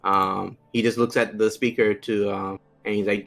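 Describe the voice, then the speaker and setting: A man's voice: on the low side, little pitch movement, moderate pace, creaky, fairly bright tone, faint music behind. A man narrating as game master in loose, casual speech full of filler words.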